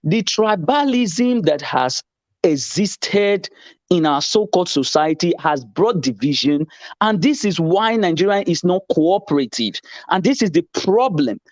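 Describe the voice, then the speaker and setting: A man's voice: sits high, lively intonation, unhurried, no room sound. A man arguing politics in a heated casual debate, insistent and lecturing, often repeating himself. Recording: dull lo-fi sound.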